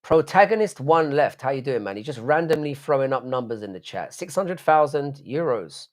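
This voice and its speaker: A man's voice: mid-range voice, expressive, normal speed. A man from the United Kingdom hosting a late-night live stream, rambling casually, swearing often and answering chat messages aloud.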